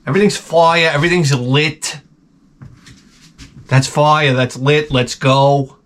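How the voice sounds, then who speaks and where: A man's voice: on the high side, slow. Profane rambling storytelling man. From United States. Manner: profane, animated, drops to mutters for asides. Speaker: channel host.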